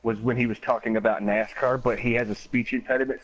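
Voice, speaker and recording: A man's voice: mid-range voice, fairly even intonation, normal speed, low-quality recording. A man streaming a game who tells profane, laughing anecdotes and acts out the quotes. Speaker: gaming streamer. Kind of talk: casual storytelling while gaming.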